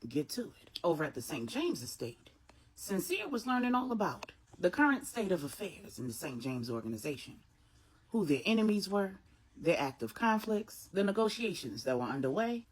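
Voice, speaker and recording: A woman reads a grown-up bedtime story in a steady, expressive way. Her voice sits low and has a husky edge, and her pitch moves about a lot as she goes. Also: normal speed. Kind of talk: scripted story narration.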